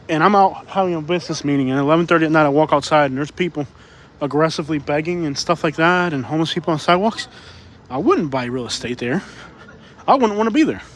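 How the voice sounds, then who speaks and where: A man vlogs live from city streets with a phone in his hand, slightly out of breath as he walks. He rambles, circles back over his points, and answers viewers in a fairly high voice. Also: slight background noise. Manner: rambling, repeats himself, reads chat aloud. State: out of breath from walking. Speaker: live-stream vlogger. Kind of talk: casual live-stream walking commentary.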